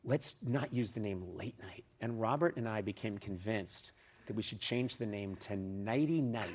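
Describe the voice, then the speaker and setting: A man's voice: fairly low pitch, moderate pace, noisy background. A man telling a story as a talk show guest, acting out the people he mentions. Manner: storytelling with mimicked voices. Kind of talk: animated anecdote telling.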